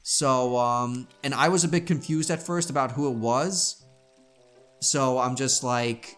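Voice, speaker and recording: A young man co-hosting a let's play, chatting casually in a rambling, halting way. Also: medium pitch, fairly bright tone, faint music behind. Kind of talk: casual gameplay chat.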